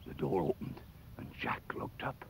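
An older man presenting and telling fairy tales to children in a lively, playful way, chatting directly to the viewer. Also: normal speed, in a whisper, low-quality recording. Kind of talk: animated storytelling for children.

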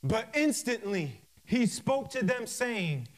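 High-voiced, slow-preaching male minister. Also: sing-song. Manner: reads scripture verse by verse with emphatic pauses; fervent, interjects hallelujah and praise God. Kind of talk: sermon.

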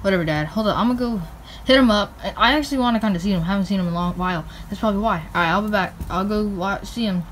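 A woman's voice: mid-range voice, rapid-fire, a little hiss or hum, natural voice, rough recording. A woman voicing a bored, whiny young male plush toy character in a homemade skit. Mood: excited. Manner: whiny, complaining.

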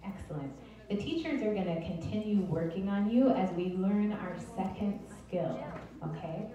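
A woman teaching the Alexander Technique, gently and encouragingly guiding a group through an exercise step by step. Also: mid-range voice, lively intonation, moderate pace, highs cut off. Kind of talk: guided group exercise instruction. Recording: roomy distant mic with faint noise.

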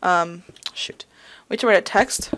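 A woman's voice: lowish voice, normal speed, fairly bright tone, slight background noise. A young woman in her college years chatting and rambling to herself while hosting casual gameplay commentary. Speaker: gaming video host.

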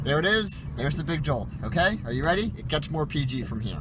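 A young man vlogging casually and telling a funny story with animated, self-deprecating energy. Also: a little high, fairly quick, background noise.

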